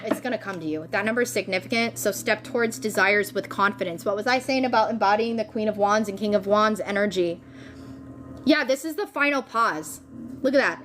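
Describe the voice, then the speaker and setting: Excitable, swearing woman tarot reader. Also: fairly high pitch, normal speed, slight background noise. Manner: excitable, swears freely, slangy. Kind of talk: casual spiritual reading.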